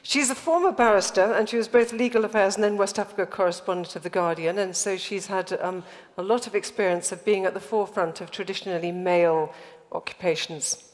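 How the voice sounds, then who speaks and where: A woman's voice: mid-range voice, fairly even intonation, brisk. Woman chairing a panel in a hall. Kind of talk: introducing speakers. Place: large hall. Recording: reverberant lecture hall.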